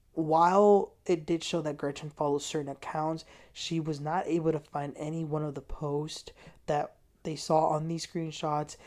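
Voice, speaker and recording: A woman hosting a casual TV recap, telling the story in an animated way. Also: low voice. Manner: animated storytelling, quotes people in a raised voice. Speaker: TV recap host.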